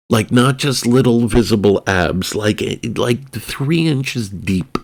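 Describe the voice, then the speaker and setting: A young man telling a casual storytime anecdote in a rambling, animated way, with side remarks and comic exaggeration. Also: on the low side, creaky.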